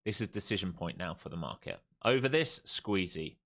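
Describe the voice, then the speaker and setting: A man streaming his day trading live, talking through charts calmly and then groaning and swearing at the market when it moves against him. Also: sits low, moderate pace, vocal fry. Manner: swings from calm chart talk to exasperated outbursts at the market.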